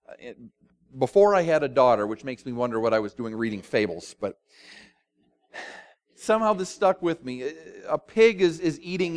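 A man preaching a sermon as pastor, talking conversationally and with animation, with dramatic pauses and asides. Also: fairly high pitch.

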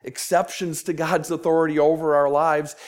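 Earnest pastor with a Minnesota accent. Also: male voice, fairly high pitch, little pitch movement, normal speed. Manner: earnest, pleading, with repeated stumbles on words. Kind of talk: sermon.

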